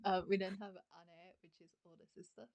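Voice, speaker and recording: A woman's voice: mid-range voice, flat delivery, normal speed, darkish tone. A young woman teaching a beginner's language lesson in a casual, chatty way, explaining words step by step and laughing often. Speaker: Japanese teacher.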